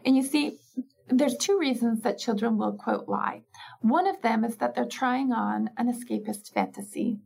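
A woman's voice: fairly high pitch, normal speed, gravelly, a little mellow, husky. A woman speaking as a parenting expert in an interview, reflective and explanatory, who often acts out little parent dialogues and laughs easily.

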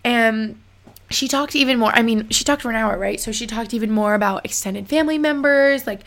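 A young woman with a brisk, fairly high and slightly bright voice tells her viewers a story straight to camera. As a vlogger, she keeps it chatty, sprinkling in plenty of "like" and acting out bits of conversation.

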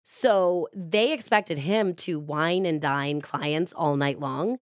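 Low-voiced woman telling a true crime story. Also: slow pace, no echo, studio quality. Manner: casual and chatty, with frequent "like". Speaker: podcast host.

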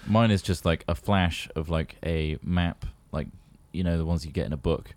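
A man's voice: low voice, steady tone, normal speed, darkish tone. A man co-hosting a podcast, chatting casually with dry, jokey asides. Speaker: podcast co-host. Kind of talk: casual chat.

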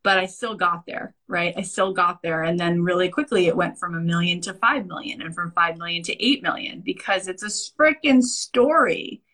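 A woman's voice: lowish voice, normal speed, hardly any pauses, pushed and bright, poor audio. A woman business coach in casual podcast chat, speaking emphatically and checking in with listeners often. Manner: emphatic, keeps asking "right?"; repeats phrases for emphasis.

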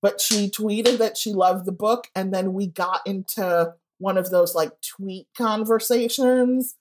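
A woman's voice: mid-range voice, measured pace, darkish tone. A woman guest speaking frankly in a casual interview, often acting out what people said to her. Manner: frank and candid, acts out quoted voices. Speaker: guest author.

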